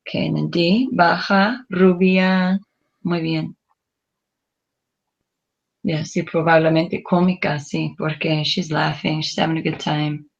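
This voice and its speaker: A woman's voice: deep voice, level tone, unhurried, creaky, long pauses, highs cut off. A woman teaching a Spanish class, patiently going over exercises and prompting students with questions, with a lot of fillers.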